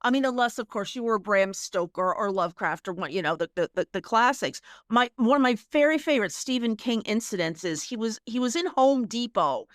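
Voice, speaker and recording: A woman co-hosts a podcast, chatting casually and telling stories with lots of laughter, fillers and frequent restarts. Her fairly high voice has lively intonation, and she talks fairly quickly with few pauses. The studio recording is clean, with no echo.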